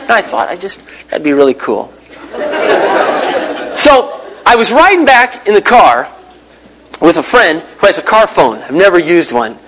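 A man preaching a sermon as a pastor, telling personal stories in a lively way with big swings in his voice and quick impressions of other people. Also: slight background noise, rough recording. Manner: animated storyteller, big pitch swings, mimics voices.

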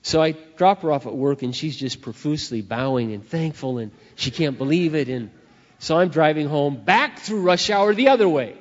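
A man preaching a sermon through personal stories, animated, acting out dialogue and swinging between loud and soft. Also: fairly high pitch, normal speed. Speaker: pastor. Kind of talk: sermon with storytelling. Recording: dull recording in a reverberant hall.

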